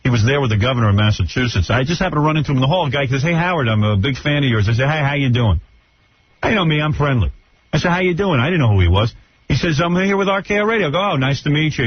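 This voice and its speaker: A man's voice: medium pitch, quick pace, slightly rough, no room sound. Brash New man on talk radio. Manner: brash, mocking, animated storyteller. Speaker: radio show host. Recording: dull lo-fi radio broadcast.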